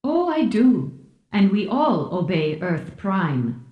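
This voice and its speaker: A man's voice: high voice, very animated, slow pace, highs cut off, full character voice. Woman voicing a cheerful, easygoing telepath man. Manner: teasing, easygoing. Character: cheerful wry male telepath, mentor type. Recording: roomy echo.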